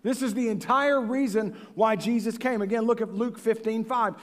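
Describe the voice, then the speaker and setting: Male pastor, high voice, passionate sermon with big dynamic swings, reverberant hall. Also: moderate pace. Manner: passionate, swings from hushed to booming. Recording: long reverb of a large hall.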